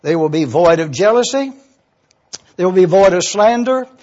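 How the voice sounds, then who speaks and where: An older man pastor giving a sermon, slow and emphatic, spelling out words and stressing phrases. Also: high voice, lively intonation, a little mellow, highs cut off.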